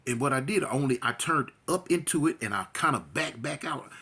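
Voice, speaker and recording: A man telling a tense street story casually, animated and slangy, acting out the sounds himself. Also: medium pitch, brisk, husky.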